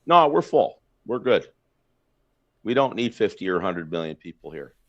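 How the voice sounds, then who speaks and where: A Canadian man hosts a podcast, bluntly ranting through casual political talk full of fillers and restarts. His voice sits fairly low, swings widely in pitch, and moves at a moderate pace. The recording has a slightly dull, lo-fi quality.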